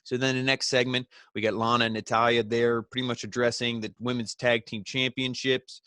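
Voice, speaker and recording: Man, wrestling show reviewer, casual rambling recap, mid-pitched voice, dry close recording. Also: little pitch movement, a little fast, sharp tone, clear, resonant tone, no echo. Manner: rambling, heavy use of "you know" and "he's like".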